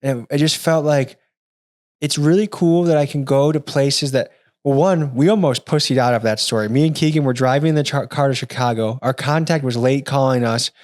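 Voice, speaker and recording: A man hosting a podcast, asking questions in a measured, articulate way. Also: mid-range voice, a little mellow, no room sound, studio quality. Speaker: podcast host. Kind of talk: interview questions.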